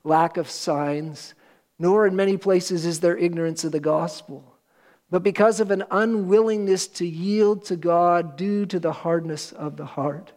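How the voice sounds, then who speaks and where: A pastor preaching a sermon to a church congregation, earnest and emphatic, with slow, weighty pauses. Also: male voice, high-pitched, darkish tone.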